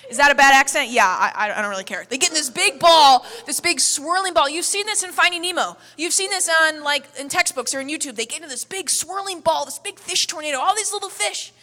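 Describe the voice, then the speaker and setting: A woman preaches with high, bright energy, telling stories with humor and hitting her points hard. Her voice carries through an echoey church hall with a long reverb. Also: fast, few pauses. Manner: energetic, humorous, emphatic storytelling. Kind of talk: sermon.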